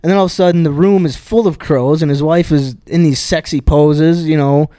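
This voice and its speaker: A man on a podcast, his voice sitting a bit high for a man, with dry sound right up on the mic. He rambles along in casual chat, cursing and circling back on his words as he tells a comedy story. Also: fairly even intonation, a little fast, warm tone, smooth, no room sound. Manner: rambling, profane, many restarts and fillers. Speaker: podcast co-host.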